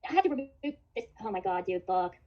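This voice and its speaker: A woman's voice: fairly low pitch, sing-song, fast, lo-fi sound. A young woman streaming live, ranting angrily at her chat and swearing constantly. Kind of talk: angry livestream rant.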